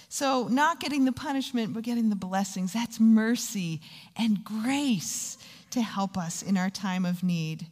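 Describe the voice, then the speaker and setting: A woman giving a sermon, telling stories and slowing down for emphasis. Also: mid-range voice. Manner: storytelling, acts out quoted voices, slows down for emphasis. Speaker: Bible teacher. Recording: long hall reverb.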